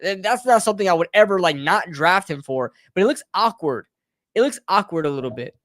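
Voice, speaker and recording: A man's voice: high voice, expressive, a little fast, fairly bright tone, no room sound, studio quality. A man hosting a live sports talk stream, ranting heatedly and often calling listeners bro and brother. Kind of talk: live fan rant.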